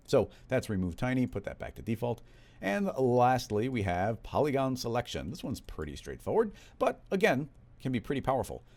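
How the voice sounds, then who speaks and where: A man walking through a software tutorial in a relaxed, conversational step-by-step way. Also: deep voice. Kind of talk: screen-recorded software tutorial.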